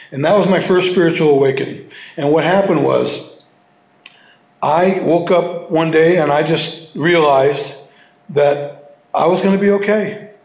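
Gravelly man, halting heartfelt testimony. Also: a little high. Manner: halting and heartfelt, full of restarts and repeated words. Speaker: speaker sharing his story at a recovery meeting. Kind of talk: personal testimony to a live audience. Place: meeting hall with audience. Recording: roomy hall sound.

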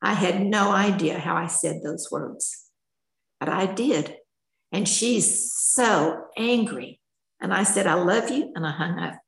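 An older woman tells her own story to a meeting, candid and full of feeling. Her voice sits low with a gravelly edge. The room around her rings with echo. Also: takes it slowly. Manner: emotional, candid, chatty storytelling. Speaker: speaker sharing her story at a recovery meeting. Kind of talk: personal testimony.

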